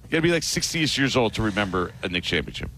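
Lower-voiced sports radio co-host. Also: male voice, sing-song, rapid-fire, sharp tone, a little hiss or hum. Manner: conversational, explains at length with restarts.

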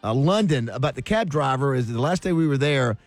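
Rambling radio host, dry studio sound. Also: male voice, medium pitch, lively intonation, fairly quick, dry recording, soft background music. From Arkansas. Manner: rambling storyteller, frequent restarts and fillers. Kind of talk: casual radio banter. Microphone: studio microphone.

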